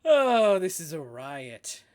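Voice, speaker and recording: High-voiced man doing a sarcastic crime boss, sneering, menacing. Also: lively intonation, normal speed, fairly bright tone. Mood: mocking.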